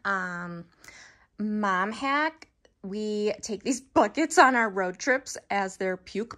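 A woman in her forties, a mother of a large family, chatting casually and upbeat in a shopping vlog, listing items out loud. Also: mid-range voice, lively intonation, slow. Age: 40s.

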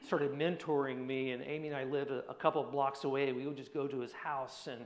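A man preaching a personal testimony sermon in an earnest voice, dropping to a hushed tone at heavy moments. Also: medium pitch, steady tone, a little fast. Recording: echoey hall.

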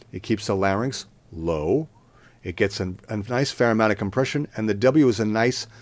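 A man teaching singing, explaining warm-ups in a plain, conversational way and breaking into sung scale demonstrations. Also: fairly low pitch, no echo. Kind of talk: vocal lesson with sung demonstrations.

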